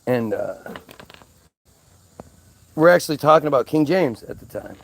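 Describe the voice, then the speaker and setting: A man's voice: fairly high pitch, lively intonation, normal speed, gravelly. A man telling a story in a casual, exasperated rant, swearing freely and restarting often. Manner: exasperated, profane, lots of restarts. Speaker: vlogger.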